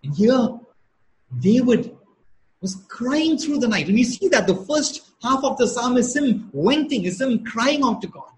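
A man preaching a sermon at a slow, emphatic pace, repeating key phrases for weight. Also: very high-pitched, lively intonation, a little hiss or hum, rough recording. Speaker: pastor.

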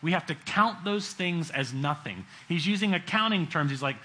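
A middle-aged man delivers a sermon in a bright, forceful voice that sits a little high for a man. He talks to the congregation conversationally, acts out the people in his story, and drops to a hush for emphasis. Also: animated, normal speed, low-quality recording. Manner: conversational preaching, acts out quotes, swings between loud and hushed. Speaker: preacher.

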